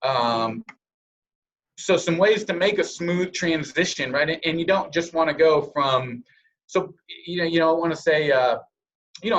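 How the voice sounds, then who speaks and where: A man's voice: on the high side, a little slow, a bit bright, lo-fi sound. A man giving a sales training presentation over a call, coaching listeners and acting out example scripts in different tones.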